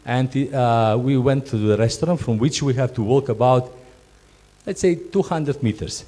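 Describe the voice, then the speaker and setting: This man trains job candidates for hospitality work, his non-native English emphatic and marked by repeated and restarted words. He speaks at normal speed in a dark, mid-range voice.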